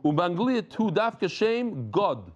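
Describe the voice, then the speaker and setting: A man teaching a lively Talmud class, rambling and animated, mixing in Yiddish and Hebrew terms. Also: high-pitched, takes it slowly, dull audio. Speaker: Daf Yomi teacher.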